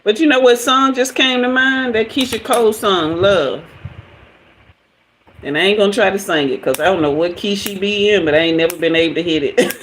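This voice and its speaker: A woman's voice: medium pitch, fairly quick, a bit bright, a little hiss or hum, poor audio. A woman doing a live tarot reading, chatty and hyper, laughing often and talking to her viewers. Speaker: tarot reader.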